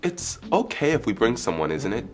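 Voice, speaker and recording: A man acting in a scripted learner dialogue as a relaxed, somewhat hesitant coworker. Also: mid-range voice, normal speed, over music, natural voice. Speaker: office worker in a lesson video.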